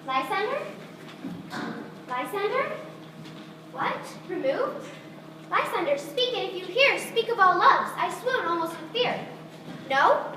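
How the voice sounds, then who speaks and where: A woman plays a modest young woman in love, speaking earnest verse in a very high voice. She sounds far off in an echoey space, with audience ambience behind. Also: big pitch swings, slow, pauses often, background noise, full character voice. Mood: frightened. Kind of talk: outdoor stage acting. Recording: distant echoey stage recording with ambience.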